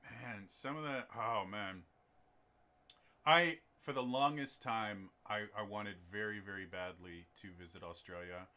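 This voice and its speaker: Running his own tabletop campaign on stream, this man talks in a fairly low pitch at an unhurried pace with a sharp tone. As game master, he chats casually and meanders, full of ums and restarts.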